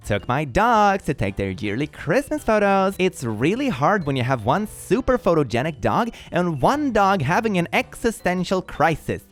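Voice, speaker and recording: A man's voice: on the high side, very animated, normal speed, hardly any pauses, fairly bright tone, soft background music. A man hosting a comedic reaction video, reading posts aloud and riffing on them sarcastically, often breaking into laughter. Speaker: host reading and reacting to social media posts.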